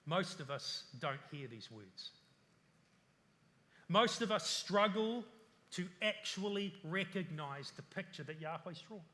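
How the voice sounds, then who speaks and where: A pastor delivers a sermon in a high, bright, ringing voice, earnestly stacking lists and putting rhetorical questions to his listeners. His words fade into a long, church-hall-like reverb.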